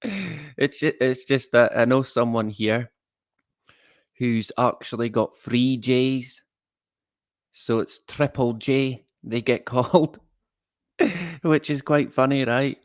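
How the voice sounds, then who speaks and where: A man's voice: medium pitch, slow, pauses often, dry recording, studio quality. A man hosting a casual livestream. He rambles from one thought to the next, greets viewers by name and chuckles at his own jokes. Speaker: livestream host.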